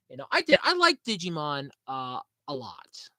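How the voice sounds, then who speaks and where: A man's voice: high voice, very animated, fairly quick, bright, forceful tone, no room sound. A man hosting a podcast in casual, rambling chat, swearing freely and laughing at his own jokes. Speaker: podcast host.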